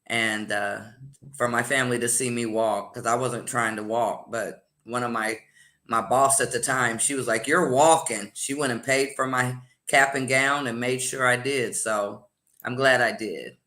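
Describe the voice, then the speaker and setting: Give me a woman co-host, chatty and cheerful, with a bright voice. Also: very deep voice, steady tone, moderate pace. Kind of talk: casual livestream chat.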